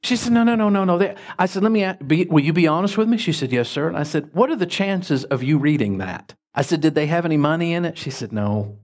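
A man preaching as a pastor, telling folksy stories with lively jumps in his voice. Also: fast, few pauses. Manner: folksy, animated anecdotes with sudden pitch jumps. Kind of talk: sermon with storytelling.

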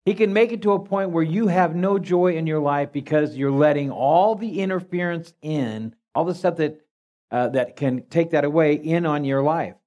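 Man teaching scripture, halting delivery. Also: on the high side, warm tone. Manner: teasing, halting, restarts often. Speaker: minister, marriage counselor. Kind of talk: church talk, scripture teaching.

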